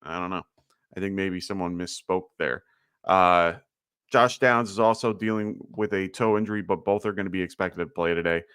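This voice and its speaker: In clean studio sound with no room sound, a low-pitched, smooth, slightly bright male voice speaks at normal speed with a steady tone. He hosts a live fantasy football Q&A, commenting casually with a slight lisp and lots of fillers in a loose, chatty way. He sounds tired from getting little sleep.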